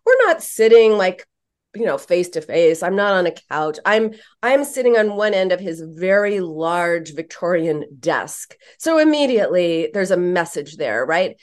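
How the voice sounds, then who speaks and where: A woman psychotherapist telling a story in a podcast interview, animated, emphatic and frank. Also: on the low side, unhurried.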